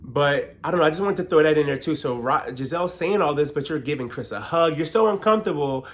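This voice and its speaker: A man recapping a reality TV episode in casual, slangy talk, animated and quick to act out what the cast members said. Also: a little high.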